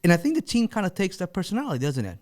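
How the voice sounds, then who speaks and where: A man's voice: high-pitched, huge pitch swings, a little mellow. A man hosting a podcast who asks questions eagerly, with frequent restarts and laughs. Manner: eager and fast, with false starts and laughs. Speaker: podcast host. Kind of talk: casual interview chat.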